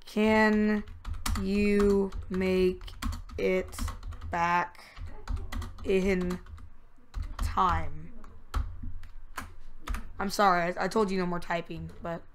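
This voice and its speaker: A woman giving casual, rambling commentary while playing a video game, now and then breaking into excited yells. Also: fairly low pitch, drawn-out words, long pauses, a little hiss or hum. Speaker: gamer.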